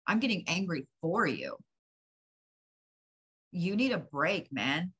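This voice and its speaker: Woman, psychic reader, blunt and profane, low-pitched but bright tone. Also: very animated, slow pace, slightly rough. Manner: blunt, profane, emphatic advice. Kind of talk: channeled reading, direct address.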